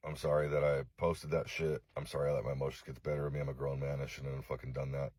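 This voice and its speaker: A distraught man from Los Angeles making a halting, profane, remorseful apology video, full of fillers. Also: very deep voice, little pitch movement, darkish tone, dry recording. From East Los Angeles.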